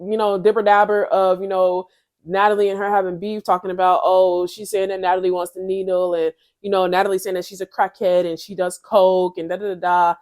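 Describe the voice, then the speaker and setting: A woman's voice: medium pitch, darkish tone. A young woman giving a blunt, profane, slangy review of a reality show in a casual vlog.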